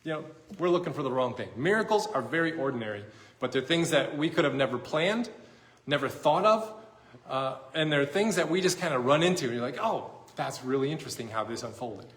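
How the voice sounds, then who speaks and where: A man's voice: a little high, expressive, a little fast, a bit bright. A middle-aged man, a pastor, giving a sermon in a conversational storytelling way that pokes fun at himself. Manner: conversational storytelling, self-deprecating. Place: church sanctuary. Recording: echoey church room.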